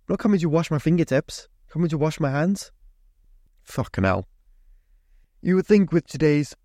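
A man's voice: mid-range voice, a little mellow, no echo, clean studio sound. A young man hosting a podcast, ranting in a sweary, mock-indignant way. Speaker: podcast host. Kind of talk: solo podcast rant.

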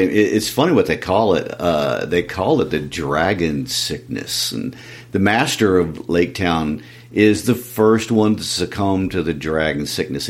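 A man in a casual book discussion, animated and chuckling as he talks. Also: deep voice.

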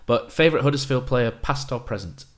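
A man hosting a casual interview, asking quiz questions and reading lines deadpan. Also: medium pitch, fairly quick. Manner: reads commentary in a deadpan voice. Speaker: podcast host.

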